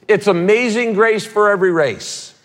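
A man preaching a sermon as a pastor, emphatic, repeating key phrases and dropping quick casual asides. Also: sits high. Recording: long hall reverb.

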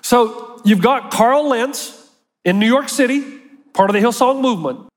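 High-voiced pastor preaching in a reverberant hall. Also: male voice, measured pace. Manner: animated preaching, acts out quoted voices. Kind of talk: sermon.

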